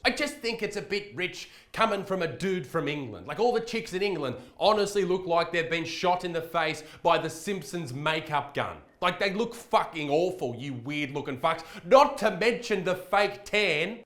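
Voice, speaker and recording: Sweary Australian man ranting, high voice. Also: expressive, normal speed, few pauses, a bit bright, echoey room. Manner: crude, sweary, mock-outraged. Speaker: comedian. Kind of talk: comedic rant reacting to clips.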